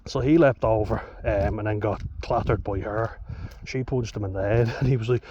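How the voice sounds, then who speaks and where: Blunt, sweary Irish lad. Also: male voice, lowish voice, moderate pace, dark tone. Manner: blunt, sweary, laughs between lines. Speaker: vlogger. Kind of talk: casual storytelling monologue. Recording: dull lo-fi with faint hiss.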